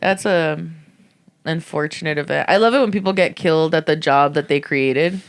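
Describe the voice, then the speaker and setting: A woman chatting casually on a podcast, relaxed and wry, swearing freely. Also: low voice, moderate pace, clean tone. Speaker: podcast co-host. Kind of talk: casual chat.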